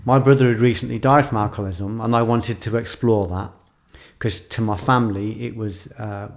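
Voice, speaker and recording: A writer and filmmaker speaking in a reflective personal monologue, intense and emotional, repeating phrases for emphasis. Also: male voice, lowish voice, steady tone, normal speed.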